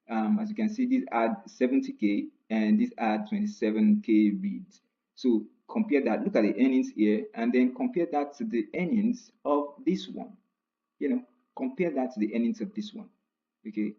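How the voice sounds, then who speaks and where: A man casually walking through his stats on a screen share, repeating phrases and jumping up in pitch to stress numbers. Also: highs cut off. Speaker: online writer explaining platform stats.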